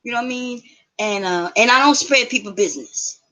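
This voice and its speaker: A woman's voice: a little high, a little fast, fairly bright tone, rough recording. A middle-aged woman hosting a live show, chatting casually and bluntly with viewers, swearing now and then. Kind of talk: casual live-stream chat.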